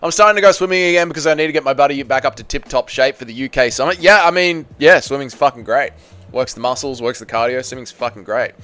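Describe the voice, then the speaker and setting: Swearing young man hosting a livestream. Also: fairly high pitch. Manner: excitable, swearing, loud bursts when reacting to chat. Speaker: livestream host. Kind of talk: casual livestream chat reading comments.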